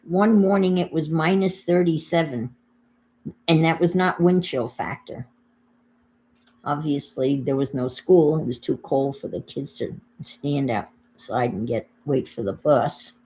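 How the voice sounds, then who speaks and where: A woman's voice: low voice, a little slow, warm tone. An older woman with a New York accent, chatting casually to viewers on her crafting livestream while she works. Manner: chatty, thinks aloud while working, greets viewers.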